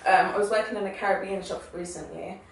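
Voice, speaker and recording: A woman's voice: medium pitch, steady tone, fast, creaky. A young woman from England, a guest musician, chatting casually and rambling with lots of fillers. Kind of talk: casual podcast chat. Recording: echoey room, distant mic, faint noise.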